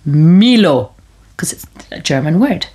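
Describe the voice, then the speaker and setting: A woman's voice: deep voice, sing-song, a little slow, dark tone, a little hiss or hum. A woman from Kenya with an East African accent, co-hosting a radio talk show in playful, teasing chat. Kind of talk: casual chat.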